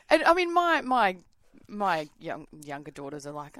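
A woman's voice: lowish voice, sing-song, moderate pace, fairly bright tone, dry recording. A woman co-hosting a breakfast radio show, chatty and laughing often. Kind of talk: casual radio banter.

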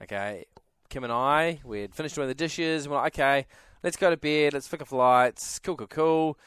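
A young male radio host, his voice a little high and his pace moderate, chats casually while animatedly telling a story packed with acted-out voices. His tone is clean, studio quality with no echo.

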